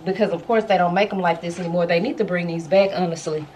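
A woman's voice: lowish voice, fast, a little mellow, slight background noise. A woman vlogging at home in casual chat to her viewers, exclaiming and slangy, a bit out of breath. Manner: chatty, exclaims, talks straight to viewers with slang. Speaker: lifestyle vlogger. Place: at home, bedroom.

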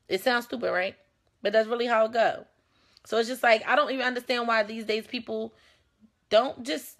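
Blunt, profane young woman hosting. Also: on the high side. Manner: blunt, animated, profane and confrontational. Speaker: talk show host. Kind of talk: casual unscripted talk show monologue.

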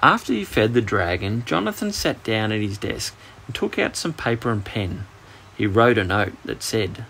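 A man with an Australian accent narrating a children's bedtime story with expressive storytelling. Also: on the low side, normal speed, creaky, a little hiss or hum.

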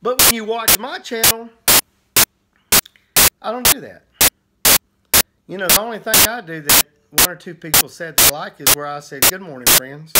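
A man's voice: high voice, normal speed, pauses often. A man, an evangelist preaching earnestly to camera with repetitions. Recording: heavy static hiss.

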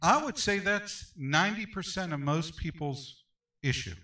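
Bright-voiced pastor, heard from afar. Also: male voice, on the high side, lively intonation, measured pace, recorded from a distance, poor audio. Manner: emphatic, repeats phrases, calls for amens. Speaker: pastor teaching Sunday school. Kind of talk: Sunday school teaching.

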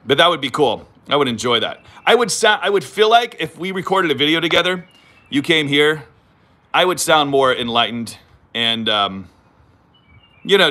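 Californian man in his thirties, livestream host, animated and bright, drifts and jokes at his own expense. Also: medium pitch, brisk. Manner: rambling and self-mocking, reads viewer comments aloud. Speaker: channel host. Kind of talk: casual livestream chat. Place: home, moves about the property. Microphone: phone.

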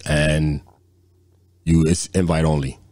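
A man's voice: extremely low pitch, flat delivery, slow, darkish tone, no echo. A man co-hosting a podcast, telling profane, rambling anecdotes in casual chat full of repeated fillers. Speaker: podcast co-host.

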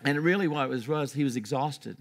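A man's voice: mid-range voice, brisk. An older man preaching a sermon in a church, telling stories in a rambling way with restarts.

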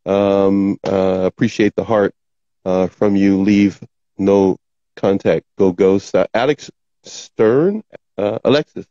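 A middle-aged man hosts a casual live show and jokes at his own expense while he trips over names. His voice sits low and mellow. It comes through a slightly dull, dry microphone. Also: takes it slowly, dry recording. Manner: self-deprecating, joking, stumbles over names. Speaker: show host. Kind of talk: casual live-stream chat. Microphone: home microphone.

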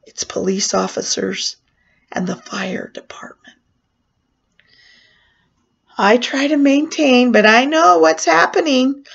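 Older lady telling a wild story, kinda high voice, acts out the panicky bits, muffled lo-fi sound. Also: slow, vocal fry, pauses often. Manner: animated, acts out her own panic in raised voice. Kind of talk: personal storytelling. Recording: dull lo-fi sound.

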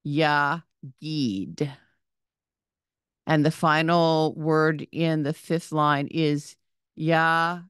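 A woman teaches a reading lesson with great patience, sounding out each word, naming its letters and repeating it. Her voice is low and smooth, and she talks very slowly. The sound is dry and close. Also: flat delivery, dry recording.

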